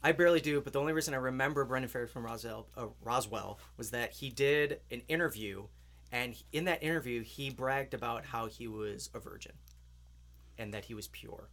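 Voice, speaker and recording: A man's voice: medium pitch, a little fast, fairly bright tone. A man co-hosting a podcast, reviewing a movie in casual chat, jokey and prone to mimicking voices. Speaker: podcast co-host.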